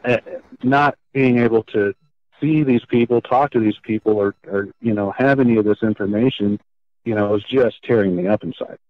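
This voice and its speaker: A man with a low voice tells a personal story in an interview, earnest and halting, often stopping to rephrase. The recording is dull and slightly lo-fi, with a dry, close sound. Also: no room sound. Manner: earnest and halting, with frequent restarts. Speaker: guest.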